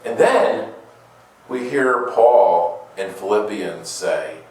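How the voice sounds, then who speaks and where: Slow, echoey male homilist. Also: on the low side, expressive, a little mellow. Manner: rhetorical questions, playful asides, repeats words. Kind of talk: conversational sermon. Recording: very echoey room, distant mic.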